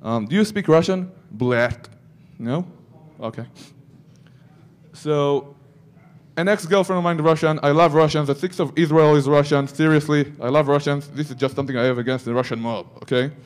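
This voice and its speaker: A man's voice: on the high side, moderate pace. A man giving a security conference talk, breaking into joking asides to the audience. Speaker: conference speaker.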